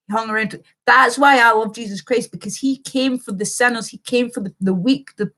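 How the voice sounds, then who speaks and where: A woman's voice: a little high, fairly quick, sharp tone. Rambling woman livestreamer. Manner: rambling, impassioned, swears casually. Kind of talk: livestream chat reading viewer comments.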